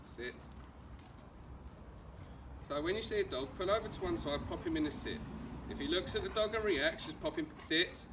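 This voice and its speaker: A man's voice: a little high, normal speed, pauses often. Essex man coaching dog training outdoors. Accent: Essex English. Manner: calm, coaching, gives short commands to the dog. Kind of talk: on-location training instruction. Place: outdoors on a street during a home visit. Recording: distant outdoor camera audio with background noise.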